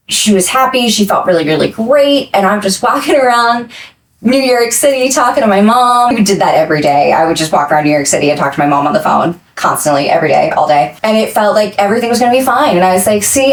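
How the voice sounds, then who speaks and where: A young adult woman speaking as a podcast guest, earnest and reflective, rushing some phrases and slowing on others. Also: mid-range voice, low-quality recording. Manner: earnest and reflective, quick bursts between slow phrases. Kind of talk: candid interview talk.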